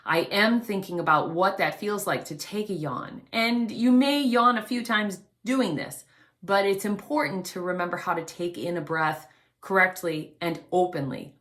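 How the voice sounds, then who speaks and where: A woman vocal coach teaching an online singing lesson, explaining calmly and demonstrating quiet breaths. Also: fairly low pitch, moderate pace. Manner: gently instructive, demonstrates breaths.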